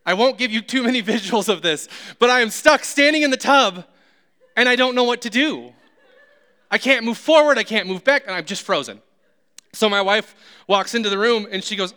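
A man's voice: high voice, animated, a little fast, pushed and bright. A man preaching a sermon who tells humorous, self-deprecating stories. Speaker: pastor.

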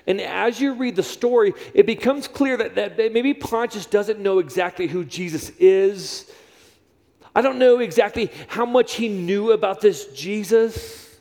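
A man's voice: high voice, unhurried, darkish tone. A man preaching a sermon in a church, repeating his phrases for emphasis. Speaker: pastor. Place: church sanctuary. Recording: long reverb of a large hall.

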